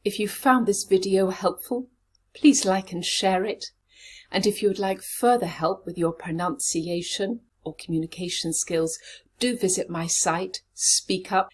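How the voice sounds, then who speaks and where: A woman who coaches pronunciation, giving a lesson and sounding out each syllable slowly and precisely. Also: mid-range voice, fairly even intonation, breathy edge.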